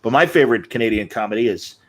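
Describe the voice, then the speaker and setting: A man's voice: mid-range voice, lively intonation, fast, fairly bright tone. A man hosting a casual podcast chat, telling rambling, enthusiastic stories and acting out what people said. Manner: rambling, enthusiastic storyteller who acts out quotes. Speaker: podcast host.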